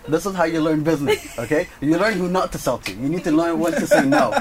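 A man's voice: on the high side, fast talker, over a noisy crowd. A man cohosting a podcast, telling a story in casual chat, acting out quotes and swearing freely.

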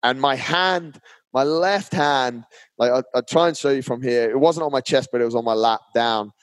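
Male podcast guest, animated conversational storyteller, mid pitch, dry close sound. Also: normal speed, no room sound. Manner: animated, chatty, often says "mate". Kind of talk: casual storytelling.

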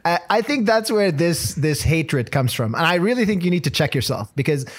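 A man's voice: fairly high pitch, lively intonation, normal speed. A man co-hosting a podcast in casual comedic banter, gushing and playfully teasing, often stumbling over his words. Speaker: podcast co-host.

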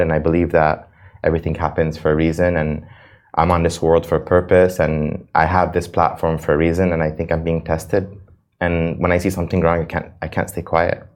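A man's voice: sits low, a little mellow. A young man from the United States, answering interview questions earnestly and emotionally, often repeating himself. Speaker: reality show cast member, guest.

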